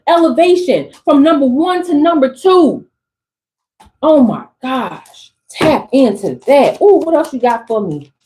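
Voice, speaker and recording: A woman doing a channeled tarot reading for her viewers, animated and exclamatory, in casual slangy speech. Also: high voice, a little slow, rough recording. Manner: animated, exclamatory, talks straight to the audience. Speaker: tarot reader.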